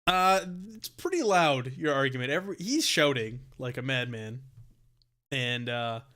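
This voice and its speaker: A man's voice: mid-range voice, lively intonation, unhurried, bright, forceful tone. A man running a live tabletop game as dungeon master, explaining in an easygoing way. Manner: explaining, with restarts.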